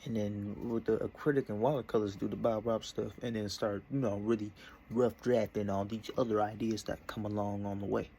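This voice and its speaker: A man's voice: lowish voice, brisk, a little hiss or hum. Young man rambling at his desk. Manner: meandering, self-interrupting, relaxed. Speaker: vlogger. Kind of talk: casual rambling vlog.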